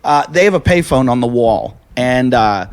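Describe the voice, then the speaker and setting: A man's voice: mid-range voice, normal speed, smooth. A man, a comedian hosting a podcast, telling a club story in casual chat, acting out the voices and swearing freely. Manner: animated, acts out voices in anecdotes, swears freely.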